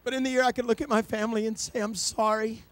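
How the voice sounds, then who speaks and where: A middle-aged man preaching a sermon, telling a personal story and rising to loud, passionate peaks. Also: extremely high pitch, flat delivery, fast, no echo.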